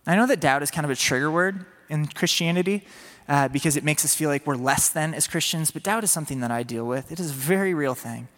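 A man's voice: a little high, fast talker, a bit bright. A man preaching a sermon in an earnest, conversational way, sometimes acting out a pleading voice. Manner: earnest, voices Peter's inner plea in a raised pleading tone. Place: church. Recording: long hall reverb.

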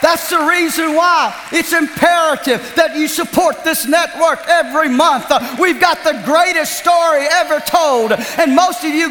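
Fervent high-voiced Southern preacher. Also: male voice, unhurried, few pauses, soft background music. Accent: Southern American. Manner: fervent, shouting, storytelling. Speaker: television evangelist. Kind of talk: sermon and fundraising appeal. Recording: reverberant hall, faint crowd.

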